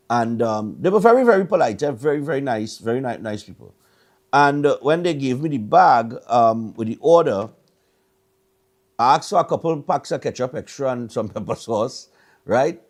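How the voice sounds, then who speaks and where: A man's voice: mid-range voice, a little mellow. Rambling Trinidadian man hosting a morning show. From Trinidad and Tobago. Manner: rambling storytelling with stammered repeats. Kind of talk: casual chat.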